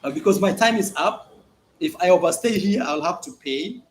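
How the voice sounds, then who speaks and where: A man talks straight to camera in a casual home vlog. His high voice swings a lot as he repeats words for emphasis. Faint noise sits behind him. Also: moderate pace. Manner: animated, emphatic storytelling with repetitions. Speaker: vlogger. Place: at home, indoors.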